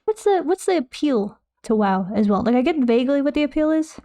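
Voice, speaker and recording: On a painting stream, a young woman chats casually into a nearby desk mic, her fairly high voice mellow and expressive, moving a little fast. She reads viewer comments aloud and answers them in a loose, rambling way, laughing at her own habits.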